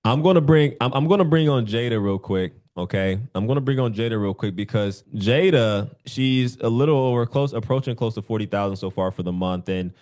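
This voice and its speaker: Animated young male sales coach. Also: mid-range voice, brisk, hardly any pauses. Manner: animated, acts out sample phone calls. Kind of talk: coaching call for insurance agents.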